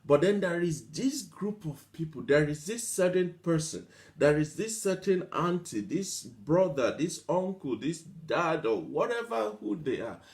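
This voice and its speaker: A man's voice: fairly high pitch, very animated, unhurried, creaky, hardly any pauses, darkish tone. A man giving a motivational talk, stacking up long repetitive lists of examples, mimicking whiny complainers and laughing lightly between points. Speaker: motivational speaker.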